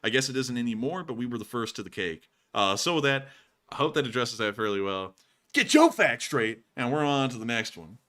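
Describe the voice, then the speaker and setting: A man's voice: mid-range voice, quick pace. A man from the United States hosting a casual war news livestream, reading supporter messages and ranting with easy laughter. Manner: animated, rants and laughs easily. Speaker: war news show host.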